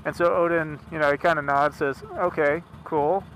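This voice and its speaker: A man's voice: a little high, level tone, fairly quick, fairly bright tone, poor audio. A man casually retelling a myth from inside a car, rambling with chatty asides. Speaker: storyteller. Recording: car engine noise behind.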